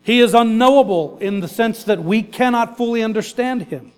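A man's voice: very high voice, moderate pace, clean tone, big-room sound. A man preaching a sermon as pastor, earnest and repetitive, building his points in lists.

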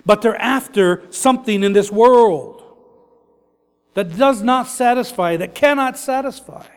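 A man's voice: very high-pitched, measured pace, clear, resonant tone, long reverb tail. A man preaching a sermon as pastor, earnest and repetitive, building his points in lists.

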